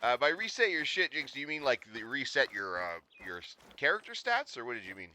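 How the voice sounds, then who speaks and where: A Canadian man with a bright voice chats casually while he streams a hunting game. His pitch moves a lot as he talks. He swears freely and laughs often. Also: very animated, brisk. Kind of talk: casual gaming stream chat.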